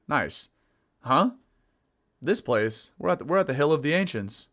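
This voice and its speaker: A man's voice: medium pitch, normal speed, pauses often, fairly bright tone. A man giving casual, jokey commentary over a game playthrough, laughing often and using slang. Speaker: gameplay commentator. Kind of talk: casual let's-play commentary. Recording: faint game music behind.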